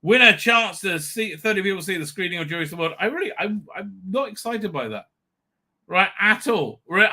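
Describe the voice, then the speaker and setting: A man with a fairly high, sharp-toned voice hosts a live stream. He is crude and mocking, swearing a lot and breaking into jeering voices as he delivers sarcastic commentary.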